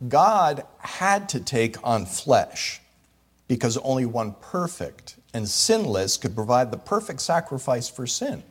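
A man's voice: medium pitch, husky. A man preaching a sermon as pastor. He teaches step by step and rises to emphatic peaks.

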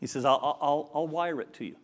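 A man's voice: fairly high pitch, a little fast. A man preaching a sermon, explaining a parable and acting out the dialogue of a modern retelling. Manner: animated storyteller acting out dialogue. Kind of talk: sermon with storytelling.

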